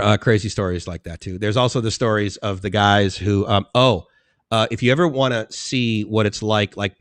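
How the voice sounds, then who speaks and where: A man's voice: on the low side, no echo. A man hosting a casual live stream, chatting in a rambling way and laughing often as he reads out chat comments.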